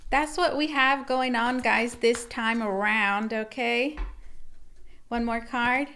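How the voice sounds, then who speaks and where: A woman's voice: a little high, fairly even intonation, slow pace, sharp tone, clear, resonant tone. Chatty woman giving a tarot reading. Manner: rambling and repetitive, addressing viewers as guys. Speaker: tarot reader. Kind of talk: casual tarot reading to camera.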